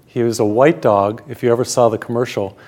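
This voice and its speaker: A priest preaching on his television program. His voice sits at a middling pitch for a man, and he tells Bible stories in a warm, storytelling way, slowing down when he reads scripture. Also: fairly even intonation. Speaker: Catholic priest and TV program host. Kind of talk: televised sermon.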